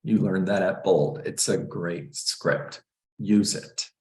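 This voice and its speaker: A middle-aged man coaching real estate agents in a live training, energetic and joking as he acts out scripts. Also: deep voice, takes it slowly, echoey room, low-quality recording.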